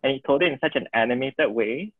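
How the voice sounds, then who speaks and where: A man, a participant on a video call, answers thoughtfully and hesitantly with many pauses and fillers. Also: medium pitch, dry recording. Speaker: workshop participant. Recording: dry, tinny phone-like call audio.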